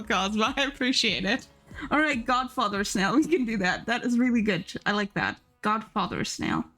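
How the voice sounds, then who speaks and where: A woman's voice: fairly high pitch, a bit bright. A young woman streamer chatting casually, giggling and reading her chat aloud.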